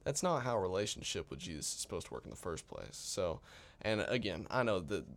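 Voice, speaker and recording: A man with a very deep voice co-hosting a casual podcast. His pitch swings widely, and he breaks in with jokey outbursts. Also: a little fast, creaky. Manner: jokey, with sudden lively outbursts. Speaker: podcast co-host. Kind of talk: casual discussion.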